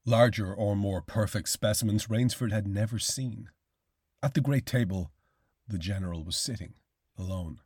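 Man narrating in a low, husky voice. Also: a little mellow, dry recording, studio quality. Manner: measured, formal narration. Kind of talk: audiobook reading.

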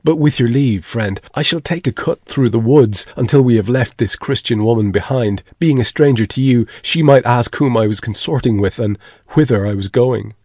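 A man's voice: medium pitch, moderate pace, few pauses, darkish tone, no echo, clean studio sound, natural voice. A man voicing an anxious, stubborn young Puritan husband, speaking in an earnest, uneasy way.

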